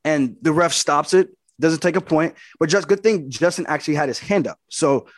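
Male fighter guest, slightly high voice, dry close sound, emphatic storytelling. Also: normal speed, no echo. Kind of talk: casual interview talk.

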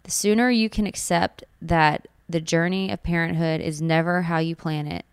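Woman in her thirties, new mom sharing her birth story, earnest and gushing, smooth clear voice, dry close sound. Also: lowish voice, steady tone, normal speed, dry recording. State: tearful at times. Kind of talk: personal storytelling.

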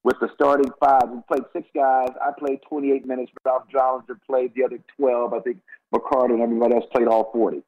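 An older man in his sixties from Los Angeles tells stories as a guest on a sports radio show, often stalling and repeating words as he goes. His voice is slightly husky and sits at an ordinary pitch. The audio is dull and lo-fi, like a radio broadcast. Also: little pitch movement, brisk. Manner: rambling, with frequent repeated words and restarts. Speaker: guest, former college basketball player. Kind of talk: casual radio interview storytelling.

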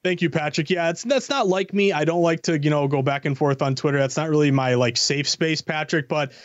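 A man speaks as a sports betting analyst guest, quick and eager with a self-deprecating touch. His voice sits a little high. The sound is dry and dull, like a slightly lo-fi remote line. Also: dry recording. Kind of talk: casual sports betting talk.

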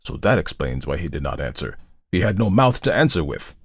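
Hoarse man doing a gruff, grim ghost warrior for a storybook reading; deep, gravelly, dry. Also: sing-song, fairly quick, no room sound, exaggerated voice. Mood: muttering.

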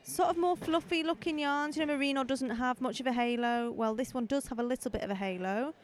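A woman's voice: high-pitched, fairly quick. A woman hosting a casual live podcast as she walks around festival stalls outdoors, chatting in a rambling, friendly way into a handheld microphone. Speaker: podcast host.

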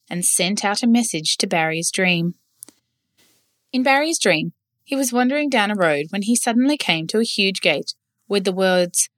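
A woman reads a children's story aloud, gentle and clear. Her voice sits mid-range and sounds close and dry. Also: medium pitch, no echo.

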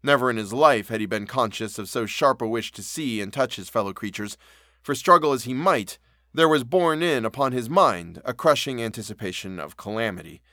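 A man reading a classic story aloud as narrator, in steady, measured storytelling. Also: mid-range voice, no room sound, clean studio sound.

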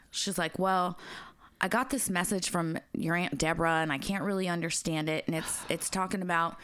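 A woman's voice: fairly low pitch, steady tone, moderate pace, fairly bright tone, clear, resonant tone, dry recording. A woman co-hosting a casual podcast, swearing freely as she tells family stories. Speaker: podcast co-host. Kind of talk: casual chat.

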